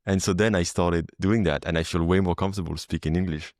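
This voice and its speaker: French guy hosting a podcast, deep voice, dry sound, chatty w/ fillers. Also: steady tone, quick pace, hardly any pauses, darkish tone, no room sound. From France. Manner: chatty, many fillers and restarts. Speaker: podcast host. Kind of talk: casual interview chat. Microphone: video call.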